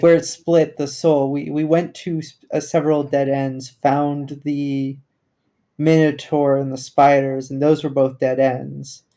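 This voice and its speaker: Man player, mellow dark tone, slightly high, hesitant reasoning. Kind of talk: casual tabletop game chat.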